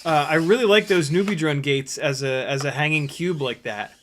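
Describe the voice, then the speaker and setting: A man chatting loosely while flying a small drone on a live stream, rambling with fillers and breaking into loud laughter and swearing. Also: a little high, normal speed. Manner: laughing hard and exclaiming, swearing freely. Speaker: FPV drone pilot.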